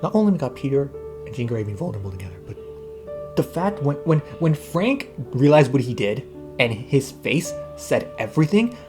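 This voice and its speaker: A young man giving a casual, emotional movie review, gushing excitedly and tearing up as he talks. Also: mid-range voice, moderate pace, music in the background. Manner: excited, gushing, tearful, says bro. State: crying.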